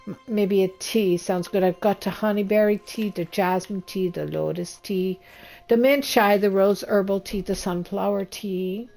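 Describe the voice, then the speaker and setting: A woman's voice: medium pitch, fairly even intonation, normal speed, vocal fry, a little mellow, soft background music, natural voice, rough recording. A woman voicing a hospitable female wood elf who chats while offering food in a game role-play. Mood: cozy. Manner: chatty, listing food offhandedly. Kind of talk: tabletop-style online game role-play.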